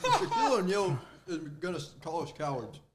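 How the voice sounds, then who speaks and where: A man's voice: high-pitched, wildly swooping pitch, fairly quick. A young man co-hosting a podcast, groaning and joking through a hot wing challenge. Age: young adult. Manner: groaning exclamations, joking complaints. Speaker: podcast co-host. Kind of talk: casual chat during a hot wing challenge.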